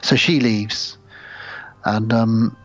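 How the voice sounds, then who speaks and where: A man's voice: on the low side, fairly even intonation, extremely slow, fairly bright tone. A man co-hosting a podcast in casual film chat, retelling a movie scene by scene and acting out the characters' lines. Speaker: podcast co-host. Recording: dull, muffled podcast audio.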